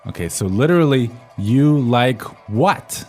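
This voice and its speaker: Guy co-hosting a chinese lesson, keeps asking "right?", soft music behind. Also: medium pitch, expressive, a little slow. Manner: prompts with questions, often ends with "right?". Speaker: co-host, learner's voice. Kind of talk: scripted language-lesson podcast. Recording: faint music bed.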